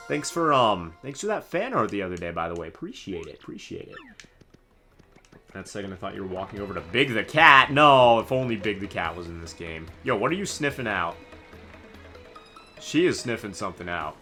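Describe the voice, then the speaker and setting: A young male streamer chatting through a game live, goofy and full of slang. His voice leaps all over the place in pitch and sounds bright and forceful, with faint game music underneath. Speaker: gaming streamer. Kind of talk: casual live let's-play commentary.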